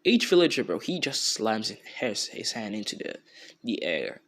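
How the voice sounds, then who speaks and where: A man's voice: on the low side, big pitch swings, unhurried, fairly bright tone. A young man casually retelling a fan story off the cuff, rambling and slangy, with many fillers and restarts.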